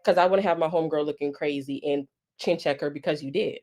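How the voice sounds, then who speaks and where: Brief: female caller, low-ish voice, emphatic casual opinion. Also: quick pace, loud music behind the voice. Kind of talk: casual call-in comment.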